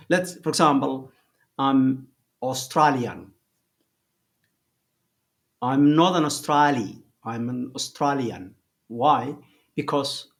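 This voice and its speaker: Male commentator, mid pitch, unhurried, careful explainer who stops to rephrase. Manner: deliberate, rephrases and pauses with fillers.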